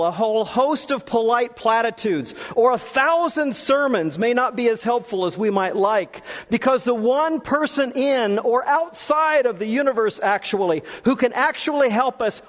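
Slow, earnest preacher in a reverberant hall. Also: male voice, expressive. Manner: slow, earnest, with long pauses and drops to a soft low voice. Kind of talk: sermon.

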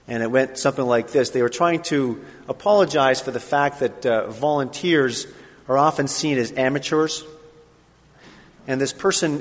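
A male pastor preaching a sermon in a relaxed, conversational way, with pauses and fillers. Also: mid-range voice. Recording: long reverb of a large hall.

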